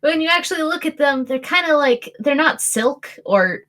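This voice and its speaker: A woman runs a tabletop role-play as game master, chatting her way through the scene with frequent restarts and bursts of laughter. Her voice sits somewhat high for a woman. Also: expressive, normal speed, a bit bright.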